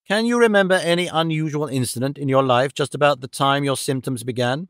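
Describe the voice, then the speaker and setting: A man's voice: on the high side, a little fast, fairly bright tone, dry recording, studio quality, close to an everyday voice. A man voicing a cold, gloating middle-aged male villain who mocks and menaces his dying victim. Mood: menacing. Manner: sneering, menacing, mocking.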